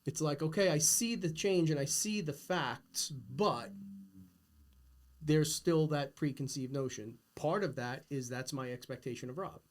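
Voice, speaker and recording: A man's voice: fairly high pitch, a little slow. A middle-aged man hosting a casual podcast conversation, talking earnestly and insistently about big ideas. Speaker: podcast host.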